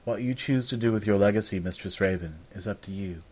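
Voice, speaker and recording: Brief: courteous old male mage, measured and solemn, low husky tone, read by a man. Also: a little mellow, natural voice.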